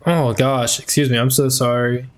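A male streamer talks over his game in loose, slangy chatter. He swears here and there. His voice sits at a middle pitch. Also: little pitch movement, moderate pace. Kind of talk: gaming commentary.

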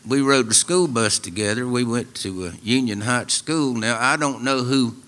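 An older man with an East Tennessee drawl spins a wry, homespun tale for a live radio audience. His voice is bright and forceful at a middling pitch, easygoing and dry in its humor. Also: moderate pace. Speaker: storyteller and musician.

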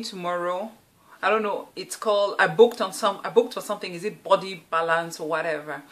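A woman's voice: fairly low pitch, steady tone, normal speed, a bit bright. A woman vlogger talking casually to camera, chatty and self-mocking, often trailing off and restarting. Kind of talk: casual vlog chat.

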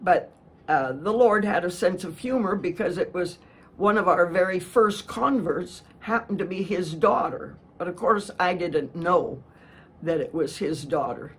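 A woman's voice: on the low side, measured pace, breathy edge. A woman missionary preacher telling a story in a sermon, earnest and prone to restarting her words.

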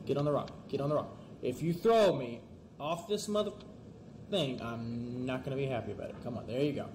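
A man giving let's-play commentary, talking fast and excitably and pleading and yelling at the game. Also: medium pitch, noisy background. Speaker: gamer.

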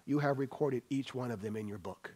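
A man preaching a sermon as pastor, swinging between loud emphatic bursts and soft hushed lines, asking the congregation questions. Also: medium pitch, brisk. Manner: addresses congregation as family, asks questions. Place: church sanctuary.

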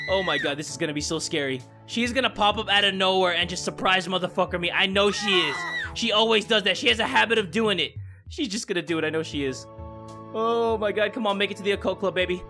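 A young man giving Let's Play commentary, excitable, loud and profane, often breaking into yelling. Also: high voice, brisk, soft background music. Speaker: gaming YouTuber.

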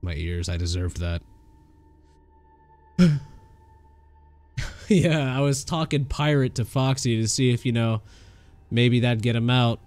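A man streaming a horror game, excitable, swearing and laughing at the scares. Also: medium pitch, slow, long pauses, soft background music. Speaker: gaming streamer. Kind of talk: livestream horror game commentary.

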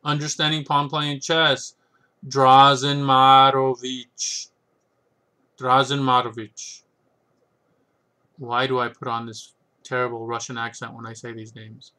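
A man's voice: medium pitch, level tone, brisk, bright, forceful tone. Sarcastic, rambling man. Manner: rambling, sarcastic, often asks "right?". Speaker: chess book reviewer. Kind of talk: casual solo talk.

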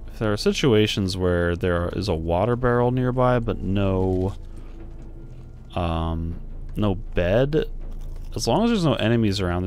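A man's voice: lowish voice, a little mellow. A man giving casual commentary while playing a video game, thinking aloud and musing as he goes. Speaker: let's play streamer.

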